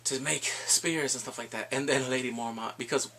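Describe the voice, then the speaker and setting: A man giving an excited, casual recap of a TV episode, exclaiming and acting out his own reactions. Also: mid-range voice, moderate pace. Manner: animated, exclaims and acts out reactions. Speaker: TV episode reviewer.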